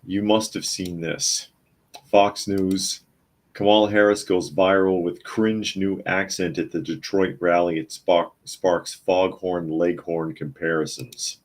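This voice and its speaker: Deep-voiced man hosting a news chat. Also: darkish tone. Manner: chatty, reads headlines aloud and comments. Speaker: podcast host. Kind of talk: casual news commentary. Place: home office.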